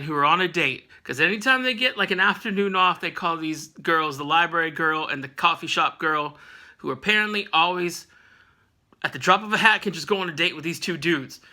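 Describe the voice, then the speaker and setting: A man's voice: on the high side, bright, forceful tone. A man casually recapping a comic issue with rambling, jokey asides. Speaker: comic book reviewer.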